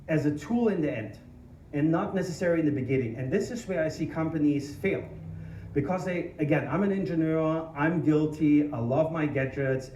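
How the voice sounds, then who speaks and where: A man with a German accent giving an energetic, informal tech conference talk, joking about himself and restarting sentences often. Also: fairly high pitch, distant mic, slight background noise. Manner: energetic, informal, self-deprecating, many restarts. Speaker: conference speaker. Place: conference hall. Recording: echoey hall, mic from afar.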